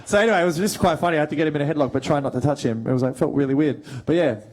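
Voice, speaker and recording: A man's voice: on the high side, rapid-fire, darkish tone. An actor in his thirties, chatting and joking with fans in a casual, rambling way. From Australia. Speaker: actor guest on a fan panel. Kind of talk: casual panel chat.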